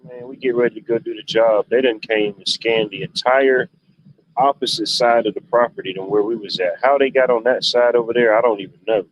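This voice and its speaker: A man's voice: medium pitch, steady tone, fairly quick. A man hosting a livestream, rambling through stories in a laid-back, casual way with loose, drawling turns of phrase. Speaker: livestream host. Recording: dull lo-fi stream audio, faint noise.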